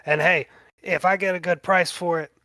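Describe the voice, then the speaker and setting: Man doing a fast-talking, slangy thief, eager and greedy; high, dry. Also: no room sound. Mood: scheming. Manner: fast, excited, casual slang.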